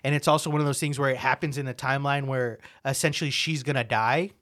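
A man's voice: mid-range voice, steady tone, fast talker, a bit bright. A young man hosting a podcast, chatting casually, rambling with lots of filler words and swearing. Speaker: podcast host. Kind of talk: casual chat.

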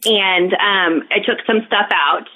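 A woman telling a story as a podcast guest in casual chat, halting, with lots of fillers and restarts. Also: medium pitch. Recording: tinny phone-like line.

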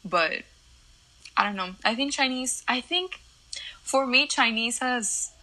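A woman's voice: on the high side, lively intonation, slow pace, pushed and bright, poor audio. A young woman whose first language is Spanish, co-hosting a casual podcast and explaining things earnestly. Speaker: podcast co-host. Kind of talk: casual chat.

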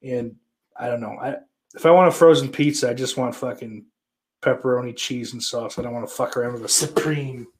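A man's voice: medium pitch, steady tone, fairly quick. A man hosting a casual live stream, reading viewer comments and answering them in a crude, sarcastic, rambling way with lots of swearing. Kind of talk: casual profane chat.

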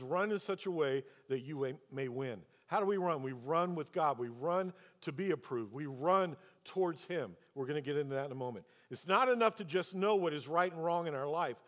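Pastor preaching in a reverberant hall. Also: male voice, fairly high pitch, fairly quick, few pauses. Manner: storytelling then preaching with rhetorical questions. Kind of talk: sermon.

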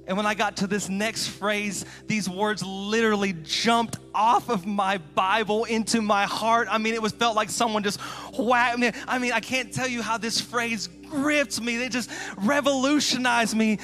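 A middle-aged man delivers a heartfelt sermon in a high voice. He tells his story in hushed tones, then builds to impassioned shouts. Faint music plays underneath. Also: fairly even intonation, normal speed, hardly any pauses. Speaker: guest preacher.

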